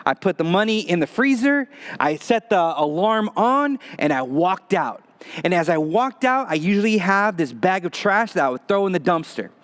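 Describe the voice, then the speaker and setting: A man preaching a sermon as pastor, telling a personal story in a lively, conversational way with touches of humor. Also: high-pitched, moderate pace.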